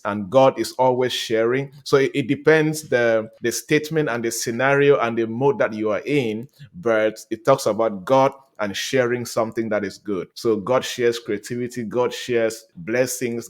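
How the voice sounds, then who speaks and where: A man with a Cameroonian accent, a guest in a podcast interview, speaking in a warm, emphatic way and repeating phrases for effect. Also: mid-range voice. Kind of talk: casual interview.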